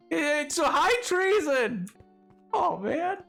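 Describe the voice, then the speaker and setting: Lively, playful livestream gamer. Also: mid-range voice, unhurried, faint music behind. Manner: playful, excitable, jokey; reads out chat messages. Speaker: streamer. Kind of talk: casual gaming livestream chat.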